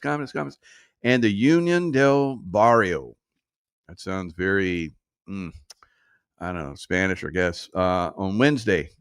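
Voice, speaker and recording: A man's voice: fairly low pitch, clear, resonant tone, no echo. Sarcastic man commenting in a dry room. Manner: sarcastic, mocking, frequent chuckles. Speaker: political commentary host. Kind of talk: casual political commentary.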